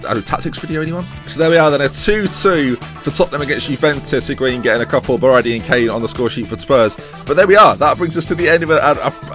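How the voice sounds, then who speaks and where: Animated gaming commentator. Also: male voice, mid-range voice. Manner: animated, breathless play-by-play with exclamations. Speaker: gaming YouTuber. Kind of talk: excited live commentary over a football management game.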